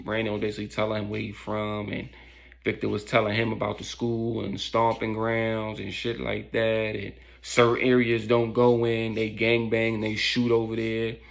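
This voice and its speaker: A man's voice: mid-range voice, creaky, a bit bright. A man casually telling a story in loose street slang, with lots of fillers.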